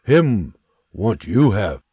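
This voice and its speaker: A man voicing a steady Native American frontiersman who speaks slow, broken English. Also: lowish voice, husky, no room sound, studio quality, exaggerated voice. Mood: solemn.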